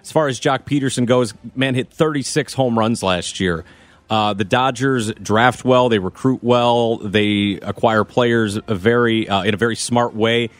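A man argues his case on a sports talk panel, confident and emphatic. His voice sits in a middle pitch, and the recording is dry and close. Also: unhurried, no room sound.

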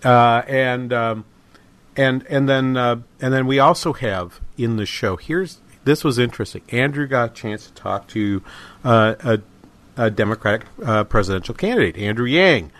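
A middle-aged man hosts his talk radio show with a loose, rambling delivery. He stumbles through ums and uhs and often restarts his sentences. His voice sits in an ordinary middle pitch. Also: moderate pace, fairly bright tone. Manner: rambling, many fillers and restarts. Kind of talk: casual talk radio monologue.

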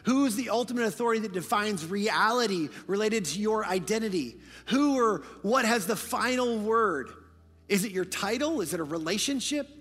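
A male pastor delivering a sermon, moving between hushed, low passages and loud, emphatic preaching. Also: expressive, normal speed, slightly rough, big-room sound.

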